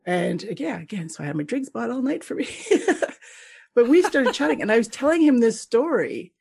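A middle-aged woman from Canada, a guest telling travel stories in a casual interview, lively and laughing often as she acts out the people she met. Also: on the high side, fairly quick, vocal fry, breathy edge.

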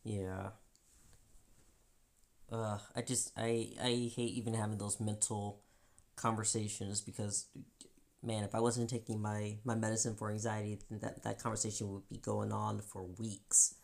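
A woman co-hosting a podcast, talking candidly about feelings in an animated way, often acting out voices and laughing. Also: rumbling low, measured pace, vocal fry. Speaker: podcast co-host. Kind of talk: candid personal chat.

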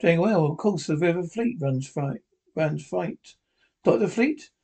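A man's voice: fairly high pitch, animated, a little slow, creaky, darkish tone, husky, exaggerated voice. A man reading the part of a wordy, blustering Victorian theatre owner. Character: bumbling, verbose Victorian theatre owner, male.

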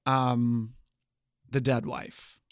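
A man's voice: medium pitch, little pitch movement, extremely slow, clear, resonant tone, no room sound. Wry male podcast co-host, dry sound. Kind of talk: casual chat reviewing a TV show.

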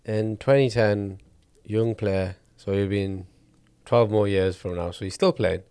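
A man's voice: on the low side, steady tone, measured pace, warm tone, smooth, dry recording. A man co-hosting a casual football podcast, hesitant and thinking aloud with dry remarks. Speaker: podcast co-host.

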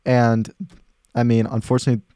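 A young man co-hosting a casual podcast, talking quickly and animatedly to the listeners. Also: mid-range voice, clean tone, no room sound, clean studio sound. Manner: fast, animated, addresses listeners as guys. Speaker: podcast co-host.

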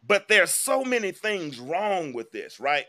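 This live online talk show host speaks in a high-pitched, bright, forceful voice, very animated yet unhurried. He's chatty and emphatic, commenting casually and talking right to his audience.

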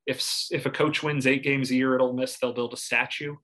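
A man co-hosting a casual sports podcast, breaking down a football season. His voice is bright and forceful at a middle pitch. He talks analytically with a wry edge and laughs now and then. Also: level tone, fast, rough recording.

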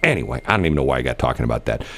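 Deep-voiced middle-aged man, rambling chat. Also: very animated, rapid-fire, creaky, a bit bright. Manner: rambling, storytelling, many fillers and restarts.

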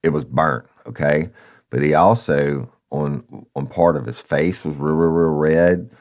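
A man's voice: a bass voice, unhurried. A man, a former police officer casually telling a story from his patrol days in a conversational way. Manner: conversational, addresses listeners as y'all, animated retelling.

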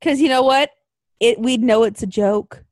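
A woman co-hosting a casual chat, ranting in an animated way with mock outrage and swearing. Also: on the high side, moderate pace, no room sound, studio quality.

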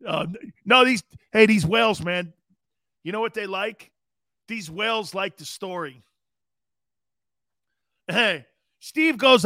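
A man in his fifties hosting a live show, chatting casually as an animated storyteller who chuckles often. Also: sits high, slow, long pauses, dry recording, studio quality. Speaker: show host. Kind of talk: casual livestream talk.

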